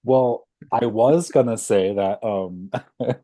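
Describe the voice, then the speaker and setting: A man's voice: fairly low pitch, takes it slowly, dark tone, dry recording. A young man co-hosting a casual podcast chat, hesitant and laughing, with many ums. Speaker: podcast co-host.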